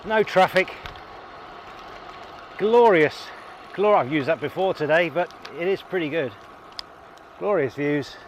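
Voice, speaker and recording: A cycling vlogger rides outdoors along roads and a greenway with tunnels, narrating casually into an action camera. His voice is a little high and brisk with hardly any pauses, and there's slight hiss or hum. He thinks aloud, chatty and full of fillers.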